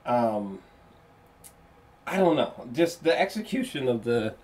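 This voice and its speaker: A man giving a casual spoken film review, rambling and excitable, with lots of fillers and restarts and free swearing. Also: mid-range voice, slow pace. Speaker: movie reviewer.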